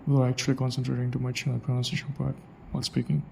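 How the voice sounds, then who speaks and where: A man's voice: mid-range voice, level tone, racing, vocal fry, a little mellow, slight background noise, poor audio. A young man thinking aloud in a casual monologue, repeating phrases as he tries out a way of speaking. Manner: muses aloud, repeats phrases to try them out. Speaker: accent practice vlogger.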